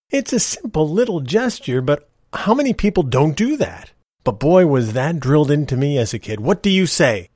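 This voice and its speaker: A man's voice: medium pitch, a little mellow, no room sound, studio quality. A middle-aged man hosting a podcast, telling personal stories in a folksy, opinionated, ranting way. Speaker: podcast host. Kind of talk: personal storytelling monologue.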